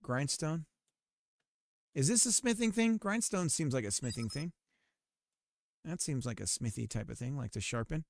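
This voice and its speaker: A man streaming while he works on a game, chatting casually, rambling with fillers and cursing at his software. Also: on the high side, animated, normal speed, vocal fry, pauses often, no room sound, clean studio sound. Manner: rambling and self-deprecating, swears often, many fillers. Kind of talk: casual live-stream chat while working.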